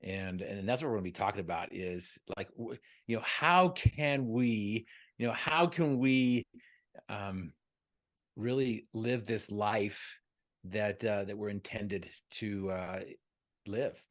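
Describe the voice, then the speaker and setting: A man with a lowish voice gives an earnest motivational talk over a video call. He mixes jokes and stories into the talk and keeps an upbeat, encouraging tone. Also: slow, fairly bright tone. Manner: joking, storytelling, earnest and upbeat. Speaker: motivational speaker, guest.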